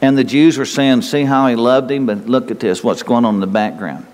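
A man's voice: medium pitch, a little fast, darkish tone. A man preaching a conversational sermon in a folksy way, chuckling and asking his listeners rhetorical questions. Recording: long hall reverb.

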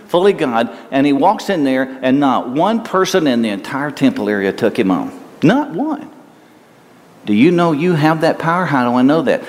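An older male preacher delivers a sermon in a loose, conversational style, circling back and repeating words. His voice sits a little high for a man. The sound carries a long reverb, as if from a large hall.

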